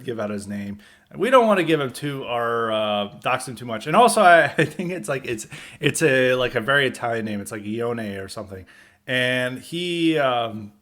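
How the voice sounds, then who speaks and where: A man's voice: on the high side, fairly bright tone. A man hosting a podcast, talking through a story in a rambling, scornful monologue full of "like" fillers. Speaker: podcast host. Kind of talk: casual commentary monologue.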